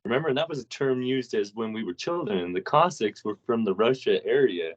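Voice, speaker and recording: A man's voice: mid-range voice, lively intonation, fairly quick. A man co-hosting a casual podcast, telling stories in a loose way with plenty of swearing. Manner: loose, profane storytelling. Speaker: podcast co-host. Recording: dull lo-fi audio.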